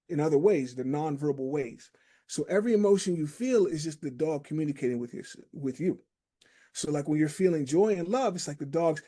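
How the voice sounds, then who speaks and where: Warm-voiced reflective male podcast host. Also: fairly high pitch. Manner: reflective, storytelling with homely analogies. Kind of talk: casual conversation.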